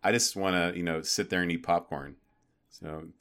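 Deep-voiced man telling anecdotes. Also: moderate pace, smooth. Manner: storytelling, animated asides and mock quotes. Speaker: podcast co-host. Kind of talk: casual chat.

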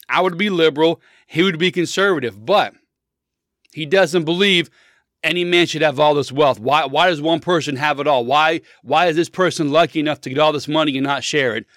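A man in his thirties holds forth on his views in a blunt, opinionated, meandering way, often restarting his sentences. His voice sits a touch higher than most men's. The sound is close and dry. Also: a bit bright, no room sound. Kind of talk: casual political monologue.

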